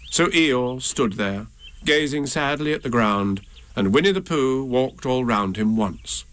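A man reading a children's storybook aloud in a gentle, measured way. His voice is mid-pitched and he takes his time, letting each phrase settle. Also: lively intonation. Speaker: narrator.

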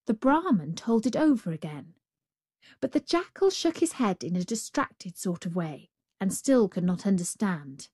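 A woman reading a folk tale aloud in a measured, expressive storybook narration. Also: mid-range voice, slightly rough, dry recording, clean studio sound.

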